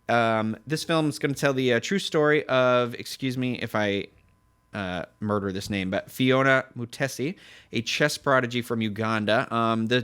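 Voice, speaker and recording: This is a man co-hosting a laid-back entertainment news chat, with a smooth, resonant voice. He rambles and trips over his words, and his pitch leaps up when something excites him. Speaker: podcast co-host. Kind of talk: casual pop-culture news chat.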